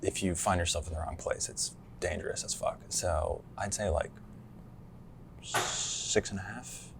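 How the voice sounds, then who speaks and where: A laid-back man from the United States chatting as a guest, his voice low and gravelly with a touch of fry. He talks loosely, swears offhandedly and laughs easily, with a faint hiss of room noise behind him. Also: fairly even intonation, a little slow. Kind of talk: casual chat.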